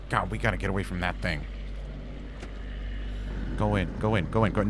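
A low-voiced man narrates his gameplay in a chatty, casual way. He talks back to the game and lets out flustered yelps. Game sounds play clearly behind him. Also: fairly quick, long pauses, slight background noise. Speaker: gaming YouTuber.

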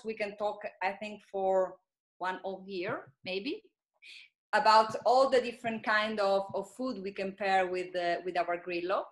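A woman's voice: mid-range voice, fairly bright tone. Italian-accented woman from Sicily, estate manager, easy conversational talk. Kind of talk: casual video-call chat.

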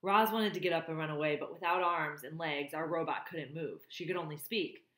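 A woman with a fairly low voice reads a novel aloud and now and then stops to comment on the plot. Her voice carries a roomy echo. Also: fairly quick, a bit bright. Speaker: reader.

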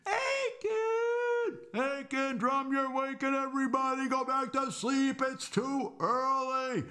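A man doing a sleepy family yelling from bed. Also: very high voice, voice pushed up, full character voice. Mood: annoyed. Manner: shouting, drawn-out scolding.

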